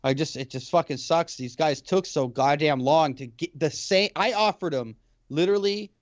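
Swearing, animated podcast guy. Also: a little high, normal speed, no room sound, lo-fi sound. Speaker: podcast co-host. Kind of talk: casual chat. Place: lives in Alabama.

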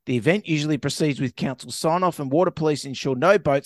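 A man's voice: fairly high pitch, quick pace, dry recording, studio quality. A man co-hosting a casual chat, reading news items aloud, playful and laughing often. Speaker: co-host.

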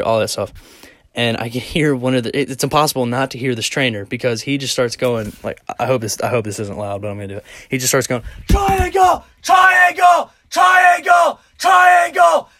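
A man's voice: mid-range voice, fairly bright tone, no room sound. Rambling, profane young man, dry sound. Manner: rambling, profane, lots of "like" fillers. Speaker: vlogger. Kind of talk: casual monologue.

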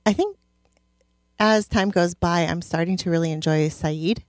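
A woman's voice: on the low side, unhurried, darkish tone, dry recording, studio quality. A woman chatting thoughtfully about a TV show as co-host, laughing easily. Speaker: podcast co-host. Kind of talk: casual chat about a TV show.

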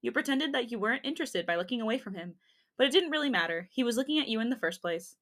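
A woman's voice: on the high side, animated, rapid-fire, fairly bright tone. A young woman co-hosting a podcast, reading fanfiction aloud with jokey asides and frequent laughter. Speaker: podcast co-host.

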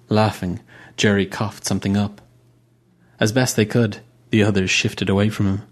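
A man narrates a science-fiction story in a steady, even manner. His voice sits somewhat low. It is a calm, scripted audiobook reading. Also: moderate pace.

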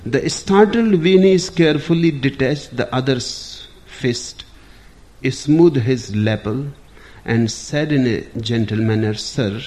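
A man giving a spiritual discourse in a measured, deliberate storytelling manner. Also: mid-range voice, darkish tone. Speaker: spiritual teacher.

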